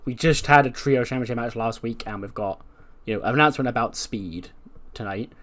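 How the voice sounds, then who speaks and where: A laid-back man talking through a game in casual let's-play commentary, with a middling pitch. He swears offhandedly and keeps things easygoing. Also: a little fast, fairly bright tone. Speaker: gaming video host.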